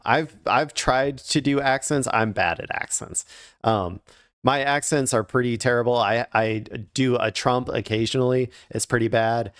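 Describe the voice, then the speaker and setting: A man's voice: medium pitch, a bit bright, no room sound, studio quality. A man casually commenting on the news on his stream, rambling and hesitant with many fillers and restarts.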